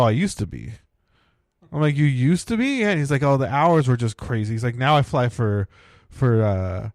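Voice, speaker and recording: A man's voice: mid-range voice, darkish tone, no room sound, studio quality. A man, co-hosting a podcast and telling a long casual story packed with fillers. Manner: rambling, many "like" and "right?" fillers. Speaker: podcast co-host.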